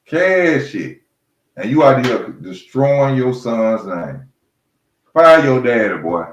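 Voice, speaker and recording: A man. He is blunt and mocking and hammers each point twice. The room sounds echoey and the audio a little muffled. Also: mid-range voice. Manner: blunt, mocking, repetitive, speaks straight to fighters. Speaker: boxing commentary host. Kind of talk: heated solo boxing rant.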